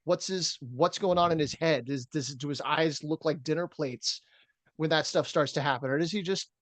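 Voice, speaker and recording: Higher-voiced man talking baseball casually. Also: moderate pace, no room sound. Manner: reads stats in a steady rundown, with fillers. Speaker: podcast co-host. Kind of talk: casual sports chat.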